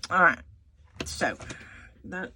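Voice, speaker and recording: A middle-aged woman, chatting casually through a home craft tutorial as she rambles and thinks out loud. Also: takes it slowly. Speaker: resin art channel host. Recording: noisy home recording.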